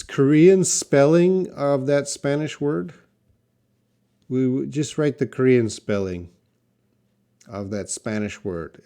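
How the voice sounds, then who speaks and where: A man teaching English pronunciation on a live stream, repeating each word slowly and answering viewers' questions from the chat. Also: medium pitch, darkish tone. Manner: slow, repeats words for learners, answers chat.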